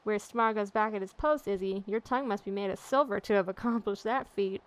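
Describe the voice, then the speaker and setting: A woman's voice: mid-range voice, brisk, lightly acted. A woman voicing a mocking dockside captain from a game in a dry manner.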